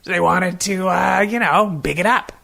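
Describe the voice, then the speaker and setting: Casting: man, gravelly husky voice, deadpan rambling improv host. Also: sits high, moderate pace. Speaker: comedy podcast host playing a father. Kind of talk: improvised comedy podcast chat.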